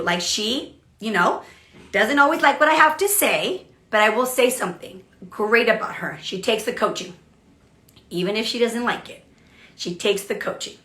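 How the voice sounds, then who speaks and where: A woman's voice: a little high, echoey room. A woman who is a leadership coach, talking casually and bluntly on a livestream and often checking in with "okay?" and "right?". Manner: blunt, animated, keeps asking okay and right.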